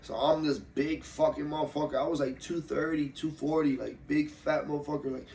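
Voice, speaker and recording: A young man from Ohio, an MMA fighter, telling his story in a loose, profane, animated way during a casual interview. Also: on the high side, a little fast, gravelly, roomy sound. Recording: slightly distant mic with faint room noise.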